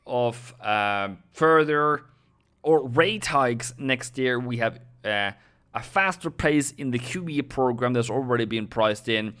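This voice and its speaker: A young man hosting a live forex analysis stream, speaking slowly and deliberately at a middle pitch. His voice is smooth and clear, with non-native English phrasing, frequent fillers and self-corrections as he addresses viewers directly. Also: fairly bright tone. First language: Norwegian. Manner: talks directly to viewers, thanks subscribers. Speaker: forex trading host.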